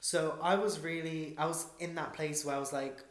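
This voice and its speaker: A man's voice: on the high side, normal speed, hardly any pauses. A young man in a casual storytelling vlog, animatedly recounting events and quoting people. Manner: animated, quotes people in dialogue. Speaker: vlogger. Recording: roomy with background music.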